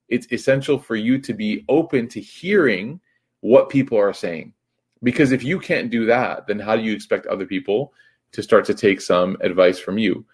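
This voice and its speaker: Man, husky voice, low pitch, casual spoken religious reflection, easygoing with restarts. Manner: casual, with frequent fillers and restarts. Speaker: Islamic teacher.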